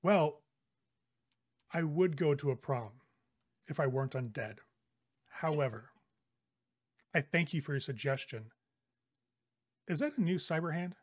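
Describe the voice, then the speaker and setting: A man's voice: on the high side, animated, a little slow, pauses often, no echo, studio quality. A man voicing a polite but condescending male vampire gang leader in a tabletop game, courtly and coolly dismissive.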